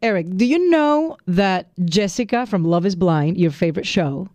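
High-voiced man telling stories casually. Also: moderate pace, dry recording. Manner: animated storyteller, acts out quotes in a higher voice. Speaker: podcast co-host. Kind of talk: casual chat.

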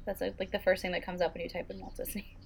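A woman's voice: fairly low pitch, little pitch movement, very fast, vocal fry, slight background noise. Giggly chatty young woman. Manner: giggly, chatty, lots of "like" and laughs. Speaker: podcast co-host, teacher. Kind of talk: casual chat.

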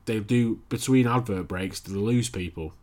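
A man in casual chat as a podcast co-host, relaxed, with loose phrasing and restarts. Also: lowish voice, moderate pace.

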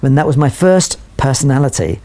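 A man with a gravelly, dark-toned voice tells anecdotes at a brisk clip. He rambles, restarts his sentences and leans on "you know" as he goes. The pace stays quick throughout. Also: mid-range voice. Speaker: portrait photographer, guest. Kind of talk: anecdotal storytelling.

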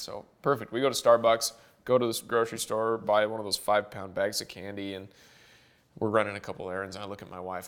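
A man in his thirties, a podcast guest and golf caddie, telling a funny family story in a casual, animated way and laughing as he goes. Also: fairly low pitch, fast, clean tone.

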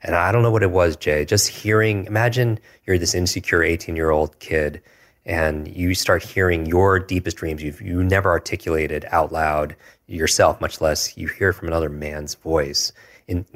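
A man's voice: rumbling low, a bit bright. A man in his forties tells a personal story as an interview guest, earnest and reflective, often adding "if you will". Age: 40s.

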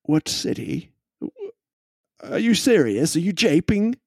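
A man's voice: a little high, sing-song, takes it slowly, gravelly, darkish tone, slightly rough, no room sound, pitched above the performer's own voice, exaggerated voice. A man playing a stuffy, pompous townsman in a tabletop game, speaking in a raised, fussy voice. He lectures and scolds in formal, old-fashioned words. The recording is dry and close. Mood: indignant.

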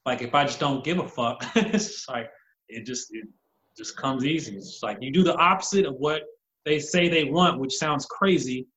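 A man's voice: mid-range voice, moderate pace, a bit bright, dull audio. A man talking bluntly and loosely about dating on a podcast, swearing freely. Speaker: podcast co-host. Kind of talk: casual dating talk.

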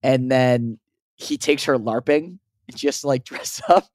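A man's voice: medium pitch, slow, no echo, clean studio sound. A young man co-hosting a podcast, joking casually and laughing often. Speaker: podcast co-host. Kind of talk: casual chat.

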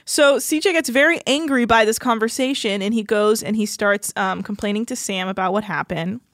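A woman's voice: mid-range voice, normal speed, a bit bright, dry recording. A woman co-hosting a podcast in a studio, recapping a show in blunt, sardonic casual chat and swearing freely.

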